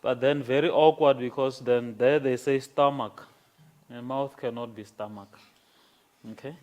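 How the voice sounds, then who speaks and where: A man lecturing a class on grammar, speaking slowly and checking in with "okay?" after his points. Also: medium pitch, fairly even intonation, a little mellow. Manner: slow, repeats words and checks in with "okay?".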